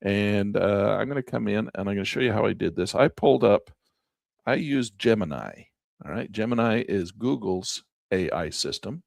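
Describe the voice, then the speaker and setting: A man's voice: lowish voice, animated, normal speed, vocal fry, darkish tone, no echo, studio quality. A man teaching a screen-share trading lesson in a folksy, chatty way, often repeating himself. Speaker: trading instructor.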